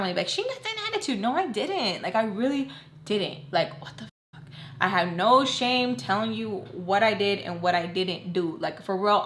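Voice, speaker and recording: A woman's voice: mid-range voice, sharp tone. Blunt young woman telling a storytime. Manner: candid and blunt, swearing freely. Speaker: storytelling vlogger. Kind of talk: casual storytime. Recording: roomy echo.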